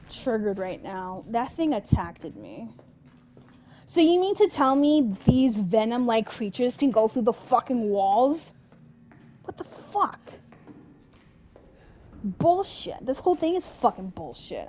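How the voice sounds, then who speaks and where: A woman's voice: a little high, big pitch swings, slow, mellow. A woman giving casual horror game commentary, grumbling to her viewers and swearing often, with sudden screaming outbursts. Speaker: let's-play gamer.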